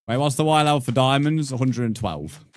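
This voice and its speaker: A man's voice: medium pitch, lively intonation, normal speed, no echo. A man chatting casually with viewers while streaming a game, rambling and full of crude jokes. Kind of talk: casual live-stream chat while gaming.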